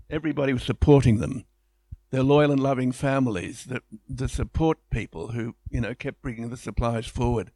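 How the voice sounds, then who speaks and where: A man delivers an illustrated public lecture with warm enthusiasm and a conversational flow, often restarting his phrases. His voice sits at an ordinary middle pitch, and the recording is dry and close, with no room sound. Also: dry recording.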